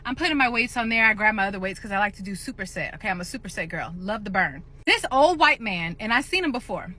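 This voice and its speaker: A woman telling a gym story as a casual rant to camera, animated and profane, acting out both sides of the argument. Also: medium pitch, fast talker. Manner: addresses viewers as "y'all". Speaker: gym-goer ranting to camera.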